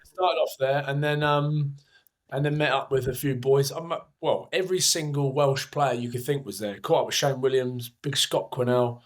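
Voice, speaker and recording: A man's voice: medium pitch, steady tone, normal speed. A young man co-hosting a podcast, hungover, telling rambling, self-mocking stories in casual chat. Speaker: podcast co-host.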